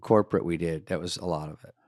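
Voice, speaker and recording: A man's voice: sits low, steady tone, fast talker, darkish tone, dry recording. A man co-hosting a comedy podcast in casual chat, telling stories in a wry, dry way with mocking asides.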